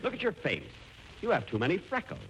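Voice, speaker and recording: A conceited aging heartthrob in an old radio comedy, smug and theatrical. His pitch dips and swoops widely. The broadcast hisses throughout. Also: wildly swooping pitch, fast talker, fairly bright tone, full character voice, poor audio. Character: vain aging glamour boy, man, smug.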